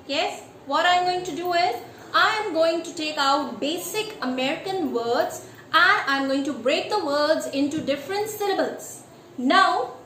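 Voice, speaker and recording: A woman teaching English pronunciation in a deliberate, emphatic way, checking in with her listeners with a rhetorical "yes?". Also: sits high, a bit bright. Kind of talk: instructional lesson. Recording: echoey room with faint ambient noise.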